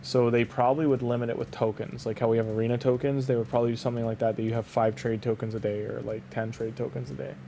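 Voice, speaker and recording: A young Canadian man with a Canadian accent chats casually on a game stream, his medium-pitched voice level, gravelly, and fast with few pauses. He rambles, leans on "like," and keeps restarting his sentences, with background noise behind him.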